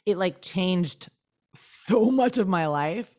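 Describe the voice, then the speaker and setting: A young woman talking casually with a fairly low voice. She is chatty and animated, and often jumps into quoted voices to act out what she and others said. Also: takes it slowly. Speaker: guest. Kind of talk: casual chat.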